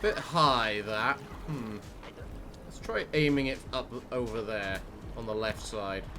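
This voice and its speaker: A man giving casual, jokey commentary while playing a video game, excitable and quick to swear. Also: medium pitch, noisy background. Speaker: let's play host. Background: game music.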